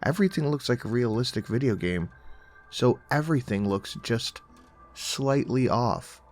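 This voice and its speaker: A man narrating a first-person horror story in a calm, conversational storytelling manner. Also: mid-range voice, normal speed, faint music behind.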